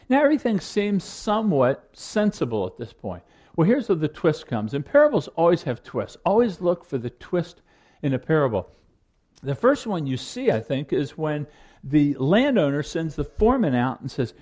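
A man preaching a sermon with a slightly raised voice that rises and falls in lively swings. He explains a parable step by step, puts questions to his listeners and acts out the quoted lines. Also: a little high, normal speed.

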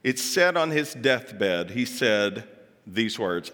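A man's voice: fairly low pitch, sing-song, slow pace, fairly bright tone. A man giving a chatty, joking talk to a live audience, dropping asides and putting on voices for quotes. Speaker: speaker addressing an audience. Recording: long hall reverb.

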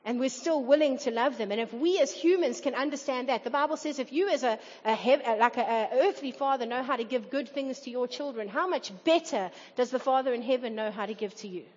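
High-voiced woman preaching a sermon. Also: darkish tone. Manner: earnest, acts out quoted voices. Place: church hall. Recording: dull reverberant hall recording.

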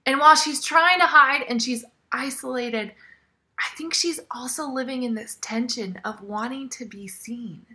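Woman preaching, chatty and sharp-toned, voice sits a bit high, slips into soft near-whispers. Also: moderate pace. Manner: conversational, often dropping to a soft near-whisper. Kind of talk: sermon.

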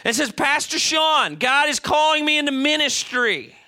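A middle-aged man preaching a sermon as a pastor, animated, moving between loud emphasis and quiet asides and acting out voices. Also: very high-pitched, moderate pace. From United States.

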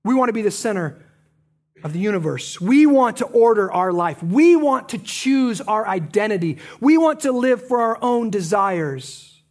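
A pastor preaching a sermon, moving between emphatic points and low, quiet stresses. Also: big pitch swings, normal speed.

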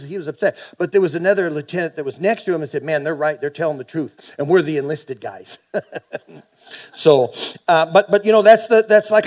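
Pastor, middle-aged male, slightly high-pitched, sermon delivery with call-and-response and energetic peaks. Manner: preaching with call-and-response, animated bursts.

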